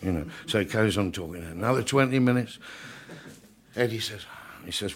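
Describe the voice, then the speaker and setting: A man's voice: fairly low pitch, moderate pace, breathy edge. Older male raconteur telling stage stories. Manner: chatty raconteur, acting out voices in quotes, chuckling. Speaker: comedian telling showbiz stories. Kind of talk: anecdotal storytelling to an audience.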